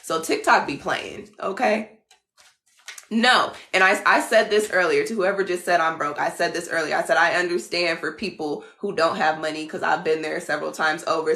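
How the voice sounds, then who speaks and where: Chatty woman tarot reader live from home, slangy and blunt, gravelly lower voice, echoey room. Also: fairly bright tone. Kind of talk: casual livestream talk.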